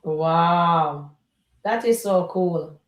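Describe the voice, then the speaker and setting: A woman's voice: lowish voice, extremely slow, reverberant. Chatty woman hosting a reaction stream. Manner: chatty, addresses the chat directly. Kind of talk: live reaction commentary.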